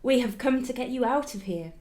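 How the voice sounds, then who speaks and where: Man doing a fairy girl voice, brave little female sprite, high falsetto, slow sweet delivery, storybook. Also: expressive, darkish tone. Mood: cheerful. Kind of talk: storybook narration.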